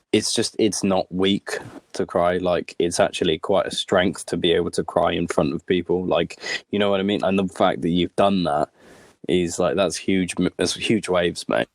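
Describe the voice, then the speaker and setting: A laid-back man co-hosting a casual podcast, slangy and relaxed. His voice sits very low, and the recording is dry and close with no room echo. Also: normal speed. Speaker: podcast co-host. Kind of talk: casual chat.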